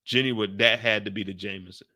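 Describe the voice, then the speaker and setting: A man's voice: on the low side, steady tone, fast, bright, forceful tone, no echo, clean studio sound. A man giving loose, joking, slang-filled commentary after a TV episode. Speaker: show commentator. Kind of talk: casual after-show commentary.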